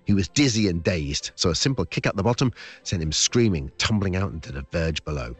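Brief: low-pitched male author, animated storybook reading, faint music underneath. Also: fairly quick, breathy edge. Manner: lively, chatty asides. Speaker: children's author. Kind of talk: reading his children's book aloud.

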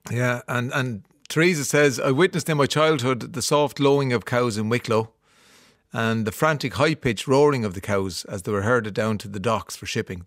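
A man's voice: medium pitch, fairly bright tone, no echo, studio quality. A man with an Irish accent hosting a radio show, chatting casually and reading out listener texts with plenty of fillers and restarts. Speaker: radio host. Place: radio studio.

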